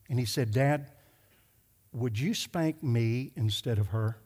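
A middle-aged male pastor telling a story in a sermon, emphatic and slowing down to stress his points. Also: mid-range voice, a little mellow. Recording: hall reverb.

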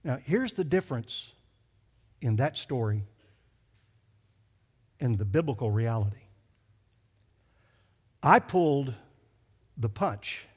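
A man's voice: mid-range voice, animated, breathy edge. Preaching man in a reverberant hall. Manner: storytelling preacher, emphatic, slows down for stress. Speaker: pastor. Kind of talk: sermon.

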